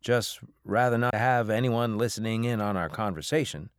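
A man voicing a cagey middle-aged family man who speaks briskly and evasively. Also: fairly low pitch, no echo, clean studio sound, pitched above the performer's own voice, close to an everyday voice.

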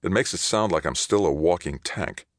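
A man's voice: low-pitched, expressive, normal speed, dry recording. A man voicing a friendly, patient young soldier back home, talking in a mild, easygoing way.

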